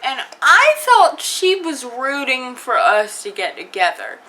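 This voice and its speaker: Slow, bright-voiced woman vlogger. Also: high voice, sing-song, poor audio. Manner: chatty, lots of fillers, acts out quoted dialogue. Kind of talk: casual storytime vlog.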